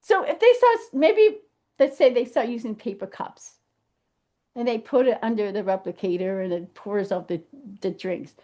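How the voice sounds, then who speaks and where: A woman talking casually to camera in an animated, emphatic way, thinking aloud and restarting her sentences as she goes. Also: a little high, normal speed. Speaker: vlogger. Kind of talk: casual rambling monologue.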